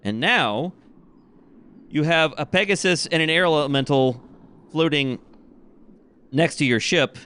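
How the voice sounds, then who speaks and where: A man's voice: on the high side, measured pace, long pauses, fairly bright tone, smooth. Man narrating as game master. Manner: casual narration with self-corrections.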